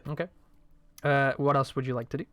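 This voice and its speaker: A man narrating a tabletop game as game master in a relaxed way, with many fillers and restarts. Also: mid-range voice, brisk, faint music behind.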